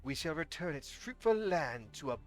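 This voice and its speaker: A streamer reading a game story aloud live and voicing a cruel, vengeful young woman who calls herself a witch, taunting slowly and theatrically. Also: mid-range voice, very animated, faint music behind, close to an everyday voice. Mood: commanding. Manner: slow, taunting and theatrical, dropping to a menacing hush.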